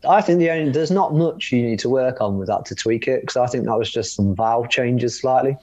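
Male podcast co-host, mid pitch, chatty and rambling, quick laughs. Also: darkish tone, dull audio. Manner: rambling, self-interrupting, laughs often. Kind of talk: casual chat.

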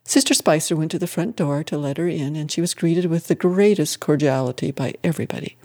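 A reader narrating an old-fashioned story in steady audiobook style. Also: mid-range voice, brisk.

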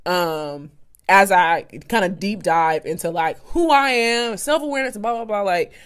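A woman's voice: medium pitch, normal speed, smooth. Chatty young woman telling a story. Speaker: podcast co-host. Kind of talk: casual chat.

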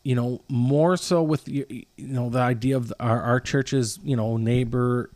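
Man, 30s, pastor; earnest rambling chat, mid-pitched, dry close sound. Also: fairly even intonation, unhurried, darkish tone, no echo. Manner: earnest, rambling, many restarts. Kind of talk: casual podcast chat.

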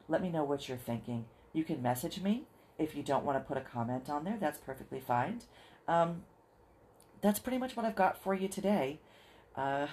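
A podcast host talking straight to listeners in an earnest, encouraging way, slowing down to spell things out. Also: medium pitch, darkish tone. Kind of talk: solo podcast talk to listeners.

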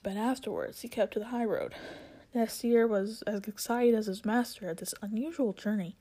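Mellow-voiced woman reading a story aloud. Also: a little high, moderate pace. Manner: steady reading with small slips and restarts. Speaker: audiobook reader.

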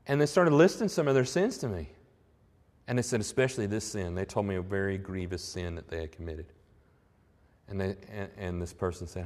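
A man's voice: lowish voice, animated, brisk, big-room sound. A man preaching a sermon in an earnest, conversational way, rising into emphatic swells on key points. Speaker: pastor.

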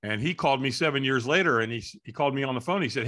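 Middle-aged guy telling a story in an interview, bright tense voice, does little voices for people. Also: medium pitch, very fast. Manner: animated, acts out voices in his story. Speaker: interview guest. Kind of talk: storytelling in conversation.

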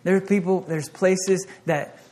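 A man's voice: high-pitched, fairly even intonation, a little slow, a little mellow. A man preaching a conversational sermon as pastor, acting out back-and-forth dialogue with God.

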